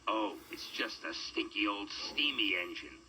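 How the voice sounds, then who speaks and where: A man's voice: on the low side, lively intonation, unhurried, noisy background. A man voicing a mocking, boastful male diesel engine in a storybook reading. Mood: sneering. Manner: mocking, taunting.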